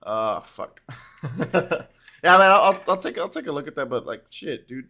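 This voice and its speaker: A man's voice: fairly high pitch, animated, normal speed, sharp tone. Rambling, swearing young man chatting. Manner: rambling, laughs often, swears freely. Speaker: podcast co-host. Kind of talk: casual chat.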